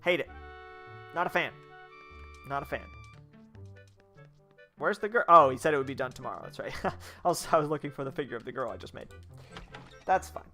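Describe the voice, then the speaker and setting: A man's voice: a little high, lively intonation, brisk, long pauses, pushed and bright, faint music behind. A man giving casual gameplay commentary as a streamer, rambling and blunt, swearing freely.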